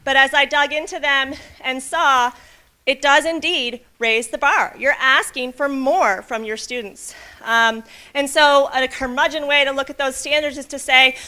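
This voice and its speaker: A woman's voice: high voice, steady tone, unhurried, pushed and bright. A woman presenting at a professional development day for teachers. She reads a picture book aloud with voices for the characters, then guides the room in a brainstorm and keeps checking in with "okay?".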